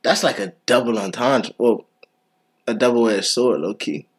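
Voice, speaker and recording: A man's voice: mid-range voice, measured pace. A young man co-hosting a casual podcast chat, talkative and laughing often. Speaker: podcast co-host.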